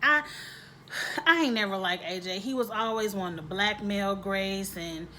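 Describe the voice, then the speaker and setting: A woman giving a casual, opinionated vlog review of a TV episode, with animated asides. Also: mid-range voice, moderate pace, a little hiss or hum. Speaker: TV show reviewer. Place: home, grass being mowed outside.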